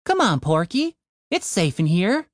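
A man's voice: high voice, huge pitch swings, unhurried, no room sound, clean studio sound, pitched above the performer's own voice, heavily acted. Man doing an exasperated, bossy young leader. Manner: exasperated, swearing, curt.

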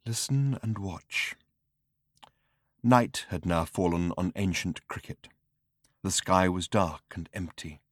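Male audiobook narrator, lowish voice, close dry recording. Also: fairly even intonation, dry recording. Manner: dry, measured storytelling. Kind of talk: scripted narration.

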